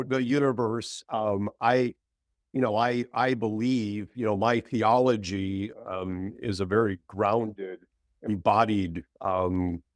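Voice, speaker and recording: A middle-aged man, a minister guest on an interview show, telling a story thoughtfully with frequent pauses and ums. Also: fairly low pitch, a little mellow, dry recording, clean studio sound. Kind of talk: conversational interview.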